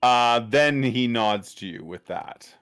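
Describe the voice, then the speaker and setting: A man narrating a tabletop game as game master, describing scenes in a halting way with many fillers. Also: mid-range voice, animated, fairly bright tone, clean tone, faint music behind.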